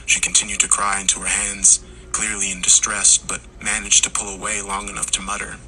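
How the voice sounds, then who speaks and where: A man reading a scripted horror story in slow, hushed tones, sometimes dropping to a whisper. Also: on the low side, completely flat delivery, vocal fry, slight background noise, poor audio. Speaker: narrator.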